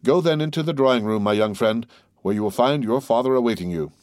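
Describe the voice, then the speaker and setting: A man reading aloud who voices a composed, worldly nobleman in a smooth, reassuring, measured manner. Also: medium pitch, darkish tone, dry recording, studio quality, lightly acted. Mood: assured.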